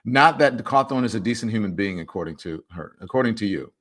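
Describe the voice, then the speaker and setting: A fairly low-pitched man talks fast while hosting a livestream talk show. He reads viewer comments and responds with animated emphasis and teasing asides.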